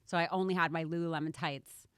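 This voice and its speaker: Podcast host, woman, fast and lively, bright tone, dry sound. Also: on the low side, clear, resonant tone, no echo. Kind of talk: casual chat.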